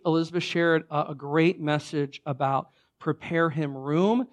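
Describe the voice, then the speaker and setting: Hoarse, raspy pastor, voice a bit high. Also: male voice. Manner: chatty and informal with many fillers and restarts. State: hoarse from a cold. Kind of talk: sermon. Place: church sanctuary before a congregation.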